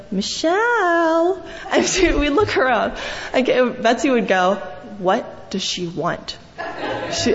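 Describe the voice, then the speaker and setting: A young woman speaking a fond, rambling eulogy in a large church, full of fillers as she tells family stories. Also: medium pitch. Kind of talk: memorial eulogy. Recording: echoey hall, dull sound, faint hiss.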